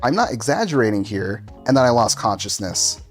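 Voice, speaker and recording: A man's voice: lowish voice, very animated, a little fast, faint music behind. A man streaming a game, telling a story casually and laughing often through it in a loose, self-mocking way.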